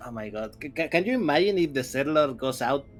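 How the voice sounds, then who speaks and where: A male esports co-caster with a mid-pitched voice, often stumbling over his first words before finding them. He is jokey and says "mate" a lot, with faint music in the background. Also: lively intonation, fast talker. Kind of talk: live game commentary.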